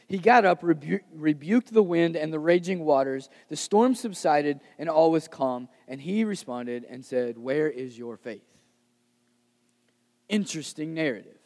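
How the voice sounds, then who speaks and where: A pastor preaching a sermon in a casual, conversational way, rising to loud emphasis and dropping to soft, hushed lines. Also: male voice, sits high, big-room sound.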